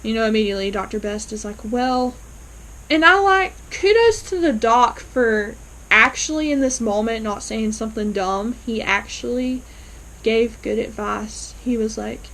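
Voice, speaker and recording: A woman casually recapping a TV episode, chatty and lively, acting out the lines with lots of fillers. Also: a little high, normal speed, rough recording. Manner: chatty, lively retelling with frequent fillers and acted-out quotes. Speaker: TV episode reviewer.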